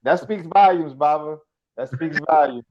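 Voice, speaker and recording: A man's voice: fairly high pitch, moderate pace, highs cut off. A man interviewing over a video call, mostly giving short encouraging responses. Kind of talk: casual chat.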